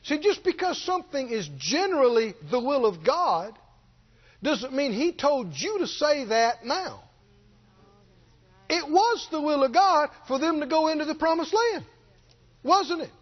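A man's voice: very high-pitched, very animated, a little slow. A middle-aged man preaching a sermon, telling a story and rising to stress his key points. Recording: dull lo-fi sermon recording.

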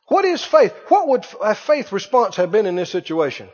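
A man preaching a sermon, swinging between hushed and loud and asking rhetorical questions. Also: high voice, sing-song, brisk, hardly any pauses. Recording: dull reverberant hall sound.

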